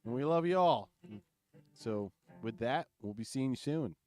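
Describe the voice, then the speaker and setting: A man's voice: mid-range voice, lively intonation, measured pace, darkish tone, faint music behind. A man co-hosting a casual podcast in a small studio, rambling and laughing often. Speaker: podcast co-host. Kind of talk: casual chat.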